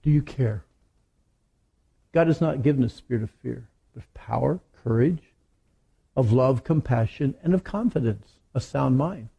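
A middle-aged man preaching a sermon to teenagers, telling stories in an animated way. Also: mid-range voice, moderate pace, vocal fry, husky. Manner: animated storytelling with acted quotes. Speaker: youth preacher.

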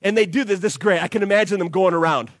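A man preaching an animated youth sermon, acting out the disciples and crowd as he tells the story. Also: high voice, very fast, dry recording. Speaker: youth pastor.

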